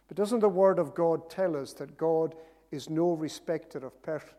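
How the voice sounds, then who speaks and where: A man delivers an earnest sermon, driving points home through emphatic repetition. His voice sits fairly high for a man. The sound carries a long reverb from a church hall. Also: moderate pace, dark tone. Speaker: preacher.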